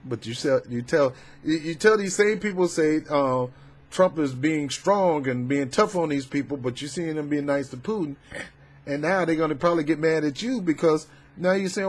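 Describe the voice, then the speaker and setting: A man doing a casual political commentary vlog, talking in a fervent, preachy, colloquial way with loud emphatic outbursts. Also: fairly high pitch, moderate pace. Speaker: YouTube commentator.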